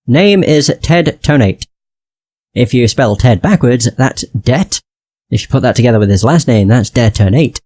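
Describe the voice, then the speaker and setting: A man's voice: medium pitch, moderate pace, a little mellow, slightly rough, no room sound, studio quality. A man casually commenting and joking as he plays through a story game. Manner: joking, casual asides, swearing. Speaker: let's play host.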